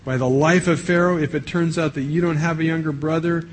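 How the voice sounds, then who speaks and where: A man reading out the lines of a stern, powerful male governor who accuses his visitors, speaking in slow, insistent accusations. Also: a little high, steady tone, a little hiss or hum, close to an everyday voice. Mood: accusing.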